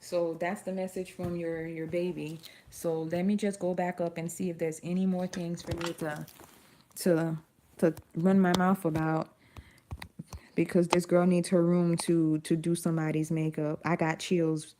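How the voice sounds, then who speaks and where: A woman's voice: on the low side, level tone, a little slow, dark tone, a little hiss or hum. A woman in her thirties giving a live spiritual reading, soothing and affirming as she speaks to listeners as "beloved". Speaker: spiritual card reader.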